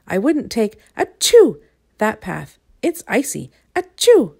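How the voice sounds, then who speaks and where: A woman's voice: a little high, wildly swooping pitch, slow pace, creaky, darkish tone, slightly rough, pitched above the performer's own voice, heavily acted. A woman doing a sneezy man with a cold. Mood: warning. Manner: warning, interrupted by sneezes.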